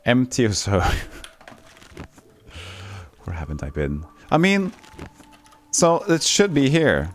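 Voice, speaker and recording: A man's voice: medium pitch, wildly swooping pitch, slow pace, long pauses. A man with a Norwegian accent chatting casually and joking while he streams a game live and reads chat aloud. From Norway.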